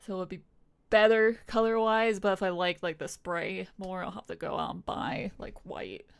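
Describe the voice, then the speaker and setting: A woman's voice: medium pitch, moderate pace, vocal fry, clear, resonant tone. A young adult woman streamer chatting casually, rambling with frequent swearing and laughter. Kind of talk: casual live-stream chat.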